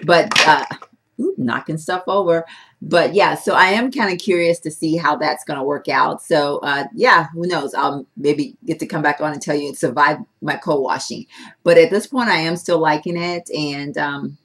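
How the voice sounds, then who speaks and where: Woman beauty vlogger, casual rambling delivery, animated and chatty. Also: deep voice, normal speed. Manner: chatty, rambling, animated, talks with her hands. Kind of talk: casual product-testing vlog.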